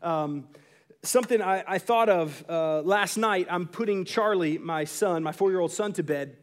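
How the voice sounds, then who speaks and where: A man in his thirties preaching a sermon, telling a family story with animated asides and acting out quotes. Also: sits high, normal speed. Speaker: pastor.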